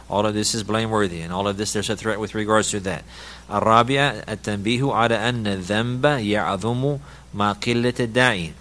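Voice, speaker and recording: A man's voice: on the low side, a bit bright. A man teaching from a religious text, reading passages in Arabic and then translating and explaining them with many repetitions and restarts.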